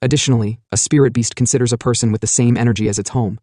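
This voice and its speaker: A man narrates a comic story recap at a brisk clip, his voice mellow and dark. He keeps a steady storytelling manner, close to the mic in a dry, dead room. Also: medium pitch, no room sound. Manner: steady storytelling, quoting lines in same voice.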